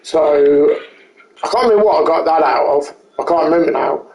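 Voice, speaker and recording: A man's voice: a little high, normal speed, gravelly, a little mellow, roomy sound, lo-fi sound, slight background noise. A man giving rambling, self-correcting live commentary while he plays a game, chatting with his viewers. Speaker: streamer.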